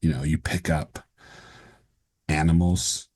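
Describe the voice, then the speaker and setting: A man's voice: extremely low pitch, fairly even intonation, slow, darkish tone, breathy edge. A man running a tabletop game as game master, describing scenes and rules with many fillers.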